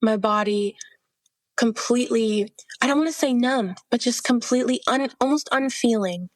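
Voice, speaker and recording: A woman's voice: a little high, moderate pace, no room sound. A young woman guest on a podcast, earnestly telling her personal faith testimony, quoting herself and laughing through hard memories.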